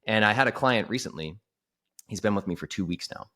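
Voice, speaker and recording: A man talking as a health coach guest in a casual podcast conversation, animated and full of "like", acting out quoted voices. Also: on the low side, brisk.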